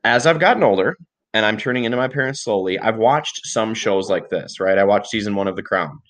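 A man's voice: on the low side, brisk. A young man co-hosting a podcast, telling long rambling stories in casual chat with plenty of swearing. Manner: rambling, profane, animated storytelling. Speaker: podcast co-host.

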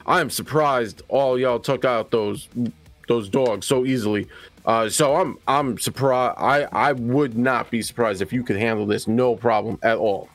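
A man's voice: medium pitch, a little slow, lightly acted. A man voicing Cade, a friendly hard-drinking wasteland townsman who rambles and reassures, over faint music.

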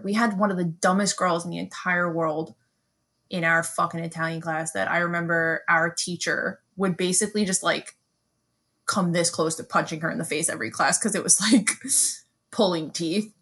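A woman's voice: on the low side, a bit bright. A young woman in casual chat on a podcast, rambling, questioning her own words, and swearing casually. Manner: chatty, swearing, self-questioning.

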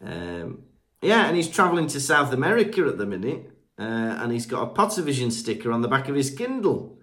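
A chatty British man co-hosting a podcast, reading out listener messages with a very lively, up-and-down voice. He jokes along as he reads and trips over unfamiliar names. His pitch sits in the middle of the male range. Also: brisk, crowd noise. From Britain. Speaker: podcast co-host. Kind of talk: casual chat, reading listener reviews.

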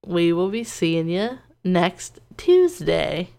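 Smooth, low-voiced young woman co-host. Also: very animated, slow, dark tone. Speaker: podcast co-host. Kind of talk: casual chat.

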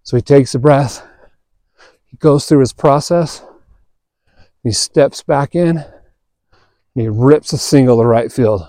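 A man's voice: mid-range voice, slow pace, pauses often, dry recording, studio quality. Laid-back man telling a story. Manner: relaxed, chatty storyteller who acts out quoted dialogue. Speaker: podcast host. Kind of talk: casual storytelling monologue.

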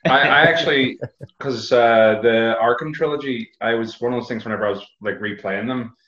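Man, podcast co-host, self-deprecating, halting, echoey lo-fi sound. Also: mid-range voice, fairly bright tone. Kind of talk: casual chat. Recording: echoey room, dull lo-fi sound.

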